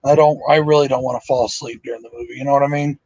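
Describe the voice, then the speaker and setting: A man's voice: mid-range voice, fairly even intonation, racing, darkish tone, breathy edge, dry recording, muffled recording. A man hosting a casual live movie commentary, tired and sleepy, talking in a rambling, emotional and profane way with lots of fillers.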